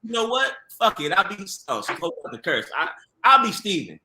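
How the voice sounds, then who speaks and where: A man's voice: sits high, sing-song, brisk, pushed and bright, echoey room, slight background noise. A man who works as a TV producer, telling stories in a casual, slangy conversation and laughing often. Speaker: TV producer guest.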